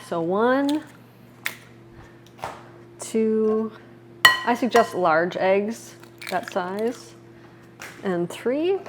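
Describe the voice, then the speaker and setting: A woman's voice: mid-range voice, a little hiss or hum. Chatty middle-aged woman cooking at home. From Wisconsin, USA. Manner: chatty and upbeat, talks viewers through each step. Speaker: cooking vlogger. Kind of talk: casual cooking demonstration. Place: home kitchen.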